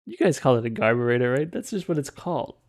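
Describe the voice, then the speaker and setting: A man from Western Canada with a Western Canadian accent, giving casual live-stream commentary in a rambling, halting, musing way. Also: mid-range voice, expressive. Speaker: streamer reacting to clips.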